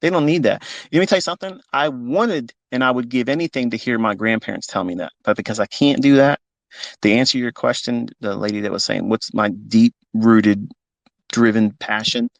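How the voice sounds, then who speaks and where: A fifty-year-old man with a gravelly voice, telling a personal story off the cuff in a blunt, emotional way with plenty of swearing. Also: medium pitch, moderate pace, no room sound. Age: 50s. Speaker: trading educator on a live talk. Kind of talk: unscripted live talk.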